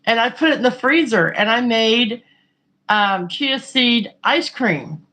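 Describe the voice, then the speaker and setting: A woman's voice: fairly high pitch, expressive, slow pace, a bit bright, rough recording. A woman chatting casually and frankly, rambling through a story with lots of fillers. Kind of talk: casual chat.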